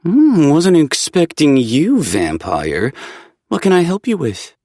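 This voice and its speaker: A man's voice: a little high, big pitch swings, slow, a little mellow, no room sound, voice pushed up, heavily acted. A man voicing a sly, teasing woman shopkeeper with a wry drawl, in a dry, close audiobook reading.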